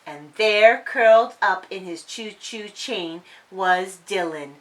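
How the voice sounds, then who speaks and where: A woman reading a children's story aloud in a sing-song, expressive way. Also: medium pitch, slow.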